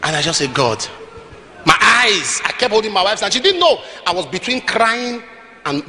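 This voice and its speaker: A man with a Nigerian accent preaching a sermon, telling stories animatedly with bursts of shouting. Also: high-pitched, animated, brisk, a little hiss or hum. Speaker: apostle, preacher.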